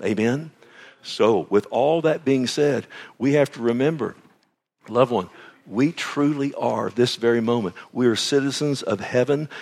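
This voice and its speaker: A middle-aged man preaching a sermon. He keeps asking the congregation questions and swings from loud declarations to hushed lines. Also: medium pitch. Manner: preaching with call-and-response questions. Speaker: pastor.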